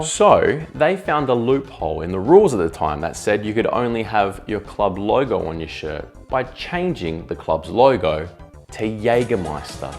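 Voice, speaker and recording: A man's voice: sits low, lively intonation, normal speed, faint music behind. A man narrating a comedic video essay in a sarcastic, jokey manner, swearing freely. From Australia.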